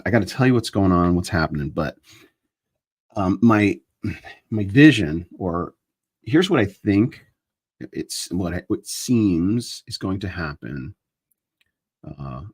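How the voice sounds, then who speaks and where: Hosting a live chat stream, a man with a low, husky voice delivers a rambling casual monologue, drifting between thoughts, cutting himself off and starting sentences over. He moves a handheld mic around as he talks, and the sound is dry and close with no room ambience at all.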